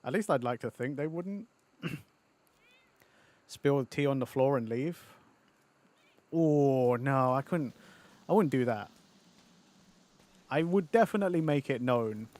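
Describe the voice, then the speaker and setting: A man in his thirties chatting loosely while he streams a game. He rambles and mocks himself, swears freely and laughs a lot. His pitch sits in an ordinary middle range. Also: lively intonation, measured pace, long pauses, a little mellow. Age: 30s. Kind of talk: casual live-stream chat.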